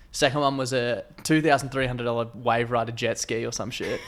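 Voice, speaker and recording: A man's voice: medium pitch, brisk. A young Australian man, a podcast guest, telling stories casually and acting out other people's voices. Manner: animated, playfully acts out voices. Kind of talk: casual storytelling.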